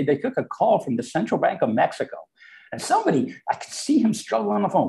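A man who grew up speaking Portuguese at home, a podcast guest telling stories with animated delivery. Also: fairly high pitch, a little fast, vocal fry, low-quality recording. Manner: animated, acts out quoted voices. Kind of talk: storytelling in an interview.

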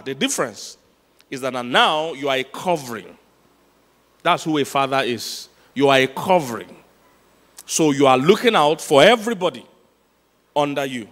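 Pastor preaching in a reverberant hall. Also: male voice, fairly high pitch, a bit bright. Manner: storytelling with laughs, emphatic repetition. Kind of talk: sermon. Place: large church hall.

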